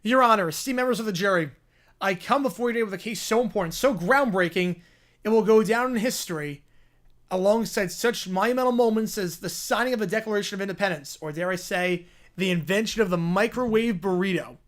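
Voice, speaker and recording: A man's voice: sits high, brisk, a bit bright. A sleazy, grandiose male cartoon lawyer, read out by a man in a near-everyday voice. He pleads to a jury with pompous mock-drama and puffs up every line.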